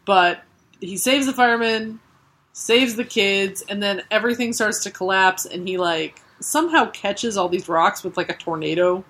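A woman's voice: mid-range voice, normal speed, fairly bright tone. A woman co-hosting a podcast, chatting casually and animatedly about a comic, acting out lines and laughing often. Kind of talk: casual chat recapping a comic.

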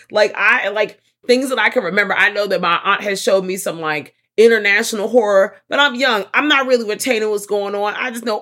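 A woman co-hosting a podcast, retelling a horror movie scene in a lively, animated way and swearing freely. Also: mid-range voice, brisk, few pauses. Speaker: podcast co-host. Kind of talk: casual movie recap chat.

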